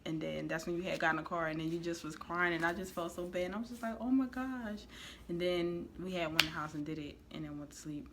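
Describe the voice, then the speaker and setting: A woman's voice: low-pitched, little pitch movement, quick pace, few pauses, noisy background. A young woman, casually telling her side of a shared story, laid-back and swearing. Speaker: vlogger, partner in the story.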